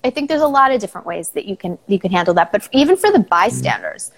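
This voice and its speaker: A woman's voice: mid-range voice, sing-song, fast talker, creaky. Earnest, advice-giving middle-aged woman. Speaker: psychologist guest. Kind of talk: casual podcast chat.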